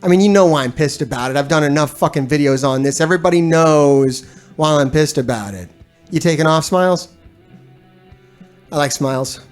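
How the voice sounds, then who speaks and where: A man's voice: a little high, brisk, soft background music. A man hosting a gaming stream, talking casually to his chat in a blunt, profane and exasperated rant that rambles with restarts and frequent laughs. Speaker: gaming streamer and video host. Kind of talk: casual ranting commentary to a live chat.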